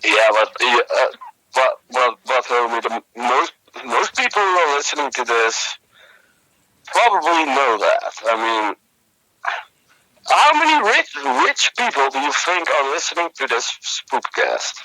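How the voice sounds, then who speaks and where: A young man co-hosting a comedy podcast, telling a rambling story with many halting restarts. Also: medium pitch, big pitch swings, bright, forceful tone, no room sound, rough recording. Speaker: podcast co-host.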